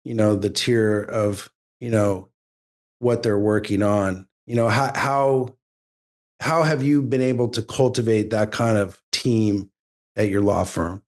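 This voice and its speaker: A man's voice: on the low side, fairly even intonation, unhurried, a little mellow. A man hosting the interview, asking long, rambling questions with lots of fillers. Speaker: interviewer, lawyer host. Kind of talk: casual interview.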